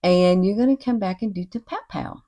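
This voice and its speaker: A woman, chatting warmly and encouragingly through a makeup tutorial at home. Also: medium pitch, a little fast. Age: 60s. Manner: chatty and encouraging, often says y'all and girl. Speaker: beauty vlogger. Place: home at night with cicadas outside.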